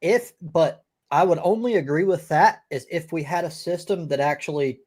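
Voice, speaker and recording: Brief: male stream host, slightly high voice, heated and profane in casual debate. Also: moderate pace, darkish tone. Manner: emphatic and profane, with frequent restarts.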